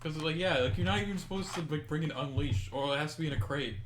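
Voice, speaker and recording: A man's voice: a little high, fast talker, noisy background. Hedging podcast man with roomy echo. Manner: hedging, curious questions. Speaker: podcast co-host. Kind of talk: casual chat.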